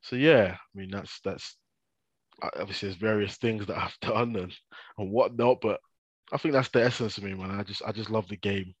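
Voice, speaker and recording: A man as a podcast guest, laid-back and reflective. His voice is low, and he often restarts his thoughts. The sound is very dry and close. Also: fairly even intonation, normal speed, slightly rough, no echo, lo-fi sound. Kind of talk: casual interview chat.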